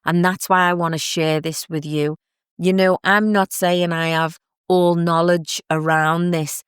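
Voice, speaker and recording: A woman speaks in a low, even, very smooth voice. She talks gently and from the heart, unhurried, with soft asides along the way. The recording is close and dry, with no room sound. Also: no echo. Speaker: podcast host and psychic medium. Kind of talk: reflective spoken talk.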